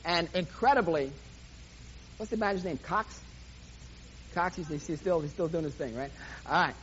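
A man preaching to a live audience, telling a sports story in animated play-by-play style. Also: fairly high pitch, moderate pace. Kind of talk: sermon with sports illustration. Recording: dull lo-fi recording, faint hiss.

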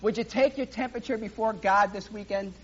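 A man preaching a sermon, telling a humorous personal story in a lively way and voicing sound effects himself. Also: high voice, brisk, lo-fi sound, a little hiss or hum.

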